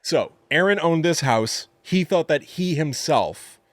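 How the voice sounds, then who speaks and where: A man's voice: fairly high pitch, animated, measured pace, dry recording. A man co-hosting a podcast, recapping a show in a casual, wry way with playful jokes. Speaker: podcast co-host. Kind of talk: casual chat.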